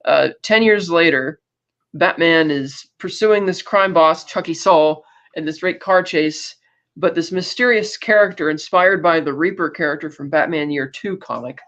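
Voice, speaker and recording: A podcast host with a fairly high, bright-toned voice recaps a film in loose, rambling chat packed with fillers and restarts. He often slips into voices to act out the characters' lines.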